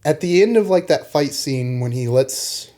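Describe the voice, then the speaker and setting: Rich: A mellow-voiced man giving an animated, critical take in a casual film chat. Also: on the high side. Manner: animated, critical, acts out quick quotes. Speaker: podcast co-host.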